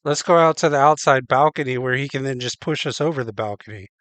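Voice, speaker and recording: A man's voice: medium pitch, fast talker, a bit bright, dry recording. A man hosting a reaction show, cutting in with blunt, crude comments.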